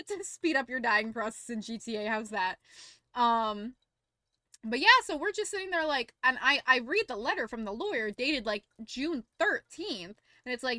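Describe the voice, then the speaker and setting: Bright high-voiced woman streamer. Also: normal speed, no room sound, clean studio sound. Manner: rambling, animated storytelling with many fillers. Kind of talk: casual livestream chat and visual novel read-along.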